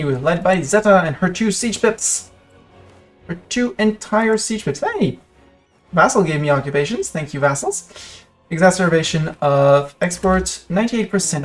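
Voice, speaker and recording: A French-accented streamer rambles through live gameplay, chatting to viewers and to the game as it goes. The voice sits at a middling pitch, with soft music under it. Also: lively intonation, a little fast.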